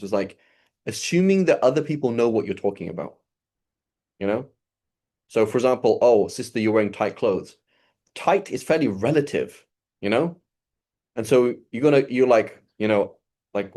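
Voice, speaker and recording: A man teaching a religious lesson in a casual, conversational way, acting out little dialogues as he goes. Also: medium pitch. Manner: animated, acts out dialogue in quick asides. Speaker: Islamic teacher.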